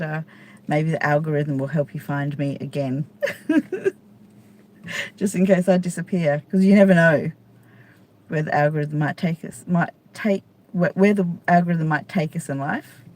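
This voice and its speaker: Holding a phone at arm's length on a city street, a middle-aged Australian stand-up comedian chats casually and playfully with viewers on a live stream. Her voice sits low, creaky and a little mellow.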